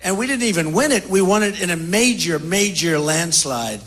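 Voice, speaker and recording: Older man, high bright voice, rally crowd. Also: lively intonation, normal speed. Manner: repetitive, boastful, off-the-cuff. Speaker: presidential candidate at a town hall. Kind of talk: rally-style town hall answers. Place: large indoor hall with audience.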